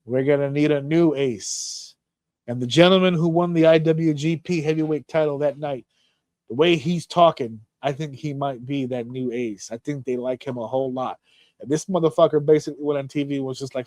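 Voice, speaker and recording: A man co-hosting a podcast, telling a story in casual chat with lots of swearing and animated excitement. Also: on the high side, brisk, dry recording. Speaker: podcast co-host.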